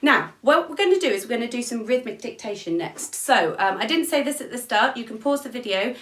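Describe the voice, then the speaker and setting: A woman's voice: fairly high pitch, expressive, fairly quick, fairly bright tone. A woman teaching an online music lesson for young children from her home, encouraging and counting beats aloud. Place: at home, room with instrument. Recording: echoey room, mic at a distance, noisy.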